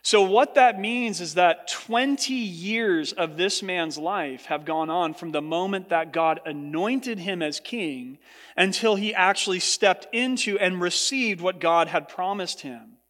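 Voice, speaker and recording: This pastor's slightly slow, somewhat bright voice rings out with a long reverb through a large church hall. He delivers his sermon to the congregation with earnest conviction, lifting his voice to give others' words.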